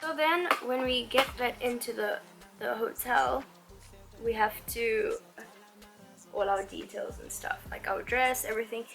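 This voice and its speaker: Animated woman telling a story. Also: on the high side, a little slow, gravelly, low-quality recording. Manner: animated storyteller, heavy use of "like". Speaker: vlogger. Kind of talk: get-ready-with-me storytime. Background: background music.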